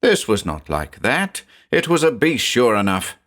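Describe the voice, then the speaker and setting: A frightened young villager speaks slowly in a trembling voice, pitched higher than the narration, as a male narrator puts him on. His delivery shakes with dread in a spoken horror tale. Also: very animated, a bit bright. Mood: fearful. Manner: trembling, slow and fearful.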